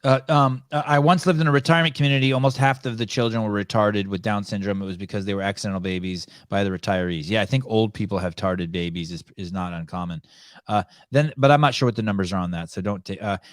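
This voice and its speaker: A man hosting a live call-in podcast, talking in a rambling, halting way with many restarts. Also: on the low side, fairly even intonation, no room sound, clean studio sound. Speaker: podcast host.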